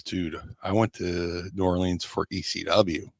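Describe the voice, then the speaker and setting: A man's voice: low voice, flat delivery, a little slow, creaky, no echo. A middle-aged man co-hosting a live wrestling chat show, telling rambling self-deprecating road stories. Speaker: podcast co-host, former wrestler. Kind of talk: casual storytelling chat. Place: home studio on a live stream.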